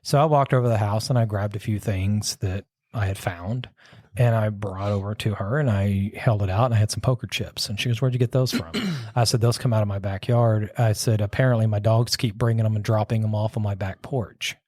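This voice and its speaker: A man's voice: on the low side, steady tone, fairly quick, a little mellow, no room sound. A man casually telling a long ghost story, rambling and circling back with "so anyways.". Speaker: podcast host telling a story.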